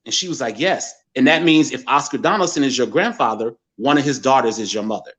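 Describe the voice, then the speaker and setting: A man in his forties from the American Midwest, telling a personal story as a guest and acting out other people's words in lively quotes. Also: mid-range voice, a little fast. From Gary, Indiana, USA. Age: 40s. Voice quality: animated storyteller who acts out others' words.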